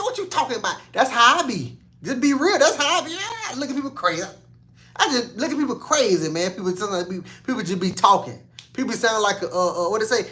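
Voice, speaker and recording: High-voiced man preaching casually. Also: a bit bright. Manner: conversational, repeats lines for emphasis, reads scripture slowly. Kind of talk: casual sermon.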